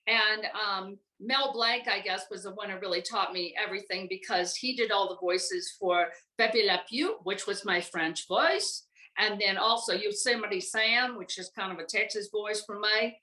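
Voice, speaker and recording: An older American woman recalling her acting career in a relaxed, rambling chat full of fillers. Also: mid-range voice, moderate pace, roomy sound, rough recording. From United States. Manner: chatty, rambling with many fillers. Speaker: guest voice actress. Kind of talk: casual interview chat.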